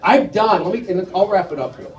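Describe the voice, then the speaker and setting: A man performing a live stand-up set in a comedy club, rambling and jumpy, swinging from mumbled asides to sudden shouted outbursts. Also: sits high, animated, fairly quick. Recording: roomy, distant club recording with noise. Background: audience laughter.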